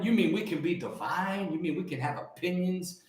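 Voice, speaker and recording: A man giving a rousing, preachy monologue, shifting between shouts and low mutters and breaking into song. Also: normal speed, few pauses, soft background music. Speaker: host. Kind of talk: fiery motivational monologue. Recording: very echoey room.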